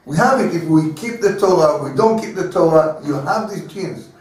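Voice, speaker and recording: A rabbi with a Hebrew accent teaches an informal class in English, stopping and repeating words as he hunts for terms and chuckling often. His male voice sits a little high. He sounds far from the mic in a very echoey room. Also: lively intonation, normal speed. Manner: chuckles often while explaining. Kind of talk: informal Torah lecture.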